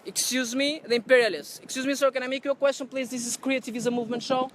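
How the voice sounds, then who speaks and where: A man with a very high voice rants at his own handheld camera on a city street, hurling repeated accusations. His English has non-native phrasing, and the words tumble out at a rapid clip. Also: steady tone, slight background noise. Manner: loud, accusatory, repetitive ranting. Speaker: activist street vlogger confronting staff. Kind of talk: livestreamed street rant to camera. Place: outdoors on a city street by a building entrance. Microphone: handheld camera or phone he speaks into.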